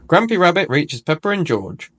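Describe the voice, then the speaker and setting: A man reading a picture book aloud to children, expressive, with small self-corrections. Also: fairly high pitch, normal speed. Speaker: storyteller.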